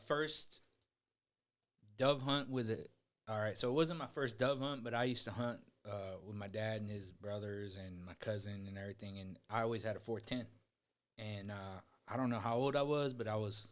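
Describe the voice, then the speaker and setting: A man's voice: lowish voice, normal speed. Laid-back man telling rowdy stories. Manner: rambling, profane, laughs through stories. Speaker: podcast co-host. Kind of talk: casual storytelling chat.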